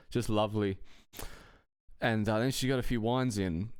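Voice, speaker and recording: A man's voice: fairly low pitch, fairly even intonation, unhurried, clean tone, dry recording, clean studio sound. A man telling a personal anecdote in a casual, rambling way, swearing often and chuckling between phrases. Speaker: storyteller.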